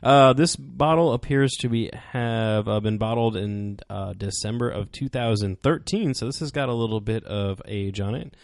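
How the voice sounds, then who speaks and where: Male co-host, easygoing and halting, lots of ums, dry mic. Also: on the low side, vocal fry, no echo. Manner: rambling, hesitant with many fillers. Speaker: podcast co-host. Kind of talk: casual podcast chat.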